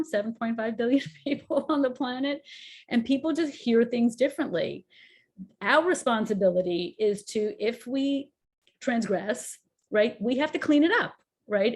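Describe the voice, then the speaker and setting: A woman co-host in casual chat, animated and acting out examples in different tones. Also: fairly high pitch, normal speed. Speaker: co-host, children's show songwriter.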